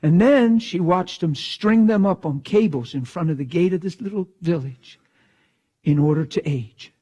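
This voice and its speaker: A man preaching, telling a story in a hushed voice and then breaking into shouted bursts. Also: sits high, normal speed, husky. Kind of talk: sermon storytelling.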